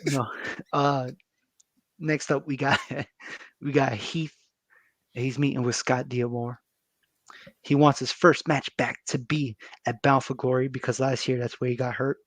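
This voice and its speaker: A man's voice: mid-range voice, fairly even intonation, a little slow, long pauses, a bit bright, no room sound. A man co-hosting a podcast, casually recapping a wrestling episode with loose, profane banter. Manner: loose and profane, with frequent fillers and laughs.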